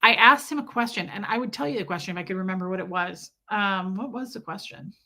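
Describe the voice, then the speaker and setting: A woman's voice: medium pitch, quick pace, sharp tone. A woman hosting a casual livestream, talking to her viewers in a rambling way, trailing off and restarting her sentences. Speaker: livestream host reading viewer comments.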